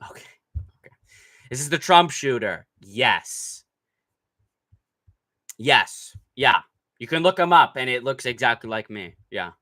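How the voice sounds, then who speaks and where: A young man hosting a live stream, reading chat aloud in a brash, profane, mocking way and breaking into shouts. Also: medium pitch. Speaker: livestream host reading chat. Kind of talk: casual livestream chat.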